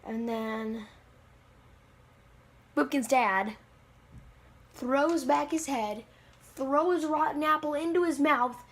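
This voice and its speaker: A woman's voice: a little high, gravelly. A woman telling a story on her own channel in a rambling, self-deprecating way, with lots of fillers. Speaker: channel owner. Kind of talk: rambling home-video storytelling.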